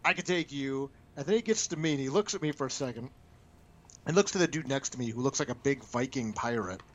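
In a relaxed interview, a male comic book writer spins stories quickly in a medium-pitched voice, speaking animatedly and frequently restarting or stumbling into repeated words. The recording sounds dull and lo-fi.

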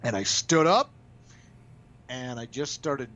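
This comic book writer's voice is medium-pitched and a bit bright, expressive yet slow as he tells stories in a relaxed interview. He speaks with animation, frequently starting over and repeating himself in stammers. The recording is dull lo-fi audio.

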